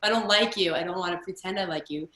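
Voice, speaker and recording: A woman's voice: fairly low pitch, fast, echoey room, a crowd in the background, rough recording. A woman comedian talking candidly and bluntly as a podcast guest, laughing often. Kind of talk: casual podcast chat.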